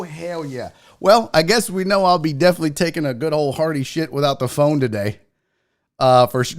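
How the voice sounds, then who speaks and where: A man hosting a casual sports livestream, excitable, emotional and quick to swear. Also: fairly high pitch. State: out of breath. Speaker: sports show host.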